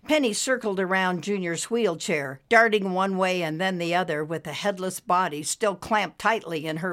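A woman reading a story aloud as narrator, expressive and lively. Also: on the low side.

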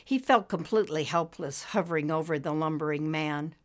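A woman reading a story aloud as narrator, expressive and lively. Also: deep voice, a little fast.

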